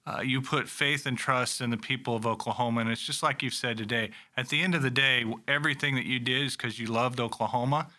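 A man's voice: medium pitch, steady tone, fast, few pauses, bright, forceful tone. A man co-hosting a history talk, speaking sincerely with frequent hesitations and fillers. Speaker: podcast co-host. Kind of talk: conversational interview.

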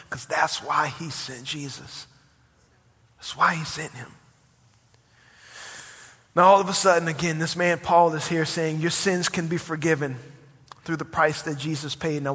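A man preaching a sermon as pastor, impassioned and rising to near-shouts when he presses a point. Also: a little high, breathy edge, big-room sound.

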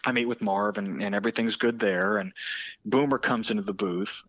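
A low-pitched man spins animated stories as a podcast guest, often restarting his sentences. The sound is dry and close with a slightly muffled, lo-fi tone. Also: fairly quick, no echo. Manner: animated anecdotes with frequent restarts and quoted voices. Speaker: sports broadcaster, podcast guest. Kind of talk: storytelling in a podcast interview.

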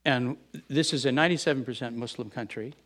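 A middle-aged man preaching a sermon, who repeats and restarts his words and rises now and then into loud bursts. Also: mid-range voice, fast talker. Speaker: pastor.

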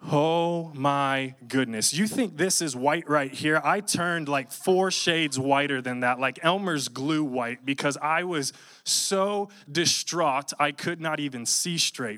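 Animated young pastor, higher voice. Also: male voice, slow. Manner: animated, jokey storyteller. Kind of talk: storytelling sermon.

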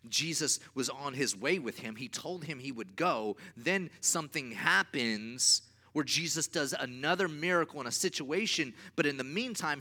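Bright-voiced preacher man, emphatic. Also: medium pitch. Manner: emphatic preaching with repeated refrains; swings from loud to quiet. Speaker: pastor. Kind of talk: sermon.

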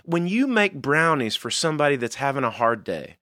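A man's voice: medium pitch, fairly quick, no echo, studio quality. A man co-hosting a casual faith podcast, telling stories earnestly. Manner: earnest storytelling, animated. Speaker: podcast co-host.

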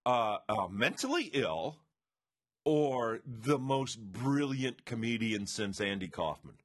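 Male co-host, lively pitch, stammering restarts, conversational. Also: husky. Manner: halting, repeats words. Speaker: podcast co-host. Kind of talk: casual chat.

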